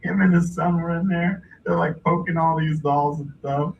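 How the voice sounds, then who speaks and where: A man's voice: on the high side, moderate pace, creaky. A man hosting a livestream, telling a story casually, with lots of laughter and "like". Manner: laughing, animated anecdote with filler "like". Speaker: livestream host. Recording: distant muffled mic with faint hiss.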